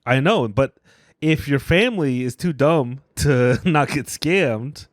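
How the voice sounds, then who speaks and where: A deadpan podcast co-host makes dark jokes in casual chat, speaking slowly in a mid-range voice. The recording is dry, with clean studio sound.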